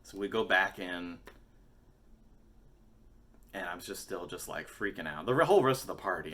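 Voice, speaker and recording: A man's voice: deep voice, normal speed, long pauses, a bit bright. A man in his forties telling a rambling, profane, self-mocking story in a casual vlog. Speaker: musician and vlogger.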